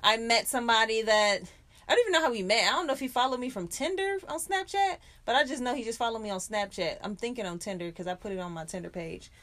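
A woman's voice: a little high, fast talker, fairly bright tone. A woman co-hosting a podcast in casual chat, frank and profane, laughing often. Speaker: podcast co-host.

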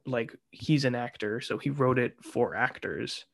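A man hosting a podcast, chatting casually and chiming in with quick agreement. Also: mid-range voice, gravelly, a bit bright. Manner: friendly, quick agreeing interjections. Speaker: podcast host. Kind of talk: casual conversation.

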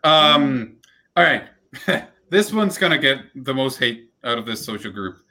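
A man co-hosting a casual movie chat, animated and laughing often, repeating phrases as he talks. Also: medium pitch, measured pace. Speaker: podcast co-host.

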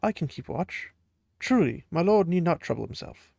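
A man reads a deferential manservant who stays stiffly formal in every line. His voice sits a little higher than his usual and keeps a gravelly fry, recorded close and dry. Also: sing-song, normal speed, darkish tone, dry recording, full character voice. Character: stiff, deferential male servant, overly formal.

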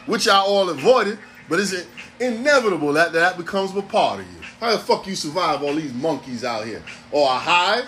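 A man's voice: high voice, big pitch swings, normal speed, a bit bright, slight background noise. A man, hosting a podcast in a blunt, profane, streetwise ranting monologue. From New York City. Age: 40s. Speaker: podcast host.

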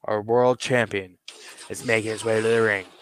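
A man's voice: fairly low pitch, fairly even intonation, normal speed, a little hiss or hum. A man hosting a podcast, casually narrating a toy wrestling storyline play by play. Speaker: podcast host.

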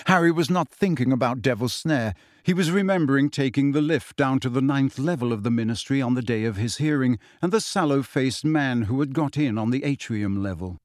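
A man narrating an audiobook with a steady, expressive reading. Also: medium pitch, fairly quick, hardly any pauses, no echo, studio quality. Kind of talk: scripted narration.

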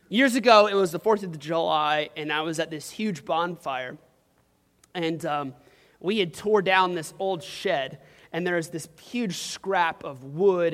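A young man preaches in a casual, story-driven way, full of "like" and "um." His voice sits high, and a long hall reverb trails behind him. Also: a bit bright. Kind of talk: sermon. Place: church hall.

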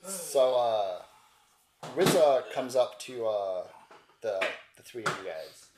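A man's voice: mid-range voice, very animated, takes it slowly, echoey room, background noise. A man narrating a tabletop game as game master, describing scenes loosely with many fillers.

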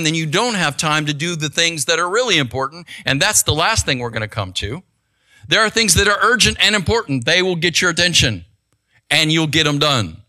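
A man's voice: on the high side, sharp tone. An older man, a pastor, preaching a sermon in a conversational way and checking in with the congregation as he goes.

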